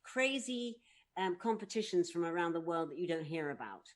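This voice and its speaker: Casting: woman, mid pitch, self-deprecating and laughing. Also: animated, normal speed. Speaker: voice artist. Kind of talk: casual group chat.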